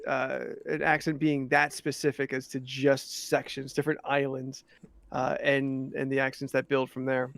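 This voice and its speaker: A man's voice: medium pitch, completely flat delivery, normal speed, creaky, a bit bright, no echo. Rambling man on a dry podcast mic. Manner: rambling, hesitant, many ums and restarts. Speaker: podcast co-host. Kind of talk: casual chat.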